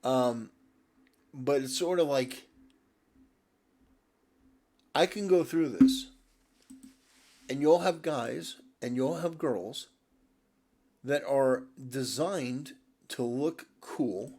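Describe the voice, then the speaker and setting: A man's voice: medium pitch, slow, pauses often, a little mellow. A man ranting in a video commentary, exasperated and sarcastic, with frequent profanity and stumbling restarts.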